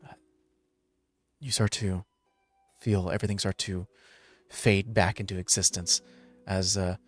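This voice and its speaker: A man's voice: low-pitched, little pitch movement, a little slow, faint music behind. A man narrating as game master of a tabletop game, rambling with many filler words.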